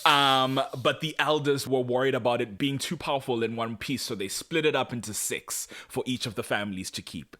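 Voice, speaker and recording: A man's voice: medium pitch, fairly quick, hardly any pauses, bright, forceful tone. A man co-hosting a podcast, recapping a TV episode in casual chat, sarcastic and acting out the characters' lines. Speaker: podcast co-host.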